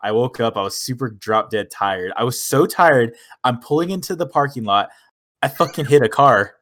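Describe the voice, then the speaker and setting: A man's voice: medium pitch, lively intonation, moderate pace, fairly bright tone. A young man in his twenties, a podcast co-host, telling a long anecdote in casual chat, swearing and laughing as he goes.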